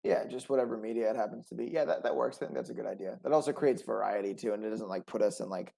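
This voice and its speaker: Over a remote call with rough audio and a slight hiss or hum, a male podcast co-host chats casually, rambling and packing in "like." His lowish voice is mellow with vocal fry and runs very fast.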